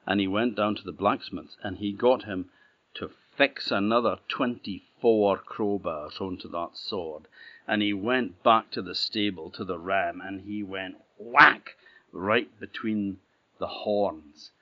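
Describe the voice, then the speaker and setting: A middle-aged man with an Orkney Scots accent telling a folktale in a relaxed, plain-spoken way. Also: lowish voice, takes it slowly. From Orkney, Scotland. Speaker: storyteller. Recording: dull, slightly muffled audio.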